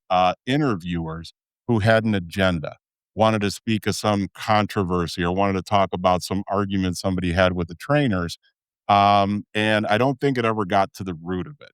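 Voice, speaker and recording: A man's voice: fairly low pitch, clean tone, dry recording. Candid Chicago man hosting a podcast. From Midwestern US. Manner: candid, chatty, with filler "uh"s. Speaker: podcast host. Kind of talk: casual podcast talk.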